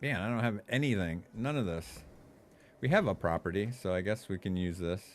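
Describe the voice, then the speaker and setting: A young adult man giving animated, profane gaming commentary, laughing often and chatting to his viewers. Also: lowish voice, fairly quick. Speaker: streamer.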